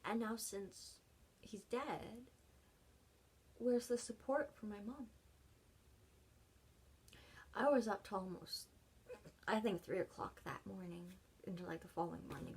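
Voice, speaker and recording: A woman vlogger relates her own story unscripted in a mid-range voice. Emotion makes her speech halting, and she repeatedly falls to a soft, breathy tone in the gaps between pauses.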